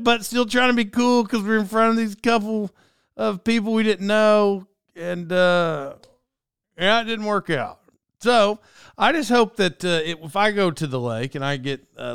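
High-pitched and fairly bright, this middle-aged storyteller's voice comes through clear and resonant in a clean studio recording with no echo. He tells a rambling, self-deprecating personal anecdote in a casual way, full of filler words and chuckles.

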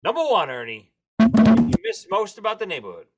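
A man in casual chat, chiming in quickly and running through a list. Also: high voice, huge pitch swings, soft background music. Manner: quick back-channel, reads out a ranked list.

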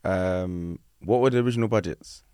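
A man hosting a podcast, asking his guests questions and calmly explaining things in casual conversation. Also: low voice, normal speed, smooth, no room sound, studio quality. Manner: asks questions, explains with calm reasoning. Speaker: podcast host. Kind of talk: casual interview.

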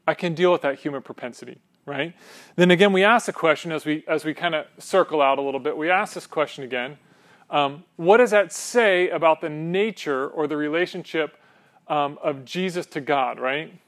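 A man's voice: a little high, moderate pace, a bit bright. A man preaching a sermon in a church, conversational and joking with the congregation, often checking in with "right?". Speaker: pastor.

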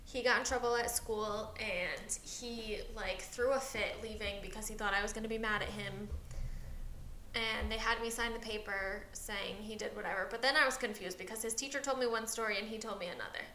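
A woman's voice: mid-range voice, fairly even intonation, a little fast, bright, forceful tone, echoey room, slight background noise. A woman co-hosting a casual podcast, rambling through a long story about her son and acting out his lines. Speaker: podcast co-host. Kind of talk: casual chat.

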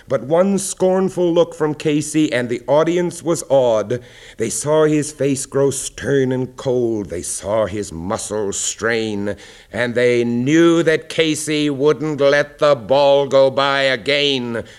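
A man giving a dramatic recitation of a poem, measured, sinking low and quiet on the weighty lines. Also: clear, resonant tone.

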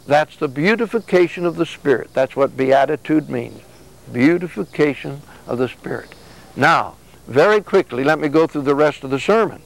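A man's voice: a little high, gravelly, poor audio. A man giving a sermon in a conversational way, often acting out back-and-forth exchanges to make his points. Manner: conversational preaching with acted-out exchanges. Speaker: religious speaker.

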